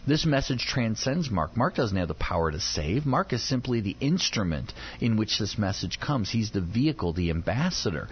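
A man's voice: on the low side, husky. A man teaching through a Bible passage in a conversational way, often acting out the people he quotes. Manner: animated, acts out quoted voices. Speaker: Bible teacher on a radio program. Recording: dull lo-fi sound.

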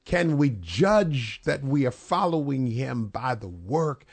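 A man, a pastor guest on a radio program, preaching in a measured, emphatic way that lifts on key phrases. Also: medium pitch, very animated, creaky, no room sound. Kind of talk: preaching on a radio talk show.

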